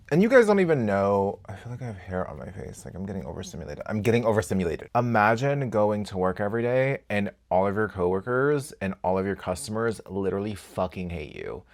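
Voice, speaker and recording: Candid, foul-mouthed man with a lowish voice. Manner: candid and expressive, swears freely, swings between loud outbursts and quiet asides. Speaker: beauty vlogger. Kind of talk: casual get-ready-with-me chat.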